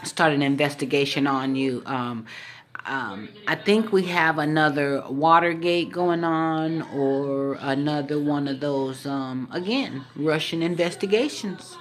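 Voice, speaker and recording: A woman's voice: sits low, a little slow. A woman vlogger talking casually to the camera in a teasing, mocking, playful way.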